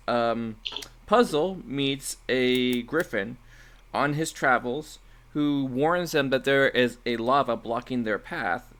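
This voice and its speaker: A man talking casually on a fan character panel. He is playful and jokey, laughing often, and his voice sits in an ordinary middle pitch. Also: a bit bright. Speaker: panel participant.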